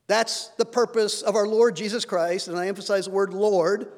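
Man, preacher, sermon, earnest, high-pitched, long hall reverb. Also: fairly even intonation, normal speed, hardly any pauses. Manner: earnest, rising when reading scripture.

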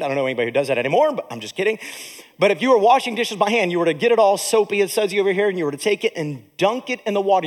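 Man, pastor, sermon, high-pitched, very expressive intonation, church. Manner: animated preaching, asides to congregation.

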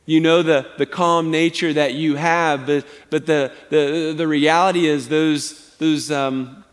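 Pastor guy preaching, talks to the crowd a lot, kinda high voice, big echoey church. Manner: animated, conversational preaching with frequent "right?". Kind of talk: sermon. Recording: long hall reverb.

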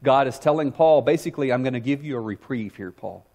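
A middle-aged man preaching a sermon with passion, often repeating words and restarting. He swings from raised, emphatic lines to a soft, low, close delivery. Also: fast. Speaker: pastor.

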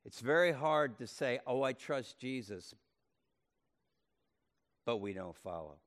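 A man preaching a sermon, swinging from loud calls to hushed tones and repeating words as he speaks. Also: medium pitch, expressive, takes it slowly. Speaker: pastor. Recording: long reverb of a hall.

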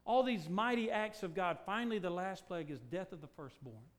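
Delivering a sermon at a brisk pace, a man speaks emphatically and asks many rhetorical questions. His voice alternates between booming declarations and hushed, low points.

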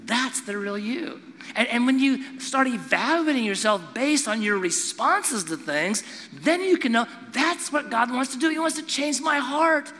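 Animated high-voiced man preaching. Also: a little slow, in a large hall, faint music behind. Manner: animated storytelling with acted-out voices. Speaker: pastor. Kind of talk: sermon.

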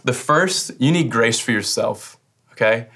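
Earnest man giving a casual sermon. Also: a little slow. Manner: earnest, conversational, with animated rises in pitch.

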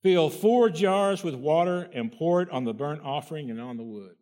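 Folksy preacher man, higher voice. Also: expressive, moderate pace, a little mellow. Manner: folksy asides, rhetorical questions. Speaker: pastor. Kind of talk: sermon, reading and explaining scripture.

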